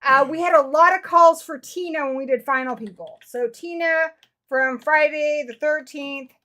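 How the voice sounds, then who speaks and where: A woman's voice: high-pitched, moderate pace, bright, forceful tone. A woman hosting a livestream in a casual, chatty way, talking straight to her viewers and laughing easily. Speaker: livestream host. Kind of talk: casual live chat.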